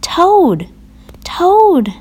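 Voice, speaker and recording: Frog is an eager, cheerful storybook frog, as a woman reading aloud puts him on. His voice jumps up high and calls out with bright excitement. He talks with a clear, friendly pleading eagerness. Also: slow pace. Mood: excited.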